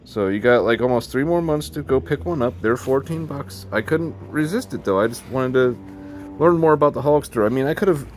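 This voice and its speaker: A man's voice: medium pitch, lively intonation, fairly quick, soft background music. A man with a Midwest American accent talking casually to his viewers, rambling from one joking aside to the next. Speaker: video host. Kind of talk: casual vlog commentary.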